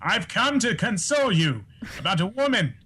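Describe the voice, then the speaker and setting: A man's voice: high voice, sing-song, normal speed, bright, forceful tone, voice pushed up, heavily acted. Brief: male impressionist doing a grandiose, leering British lothario, slight noise. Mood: lecherous. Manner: pompous, lecherous, grandiose. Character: impression of a pompous, lecherous British male actor.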